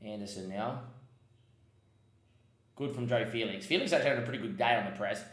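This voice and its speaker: A man's voice: on the low side, fairly quick, roomy sound. A man giving casual commentary on his football management game, muttering asides and breaking into frustrated outbursts. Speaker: gaming podcast host.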